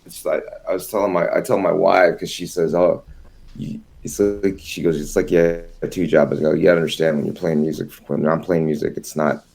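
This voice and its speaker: Low gravelly-voiced man, husky and tired. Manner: relaxed, halting with restarts. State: tired, yawning. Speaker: guest musician. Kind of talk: casual interview chat.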